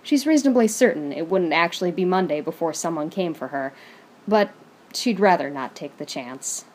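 A woman reads fan fiction aloud in a steady, even storytelling manner. Her voice sits on the low side. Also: moderate pace.

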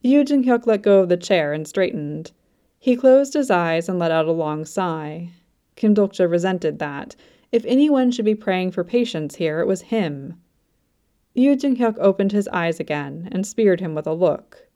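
Slow, mellow woman narrator. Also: lowish voice, animated. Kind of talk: scripted narration.

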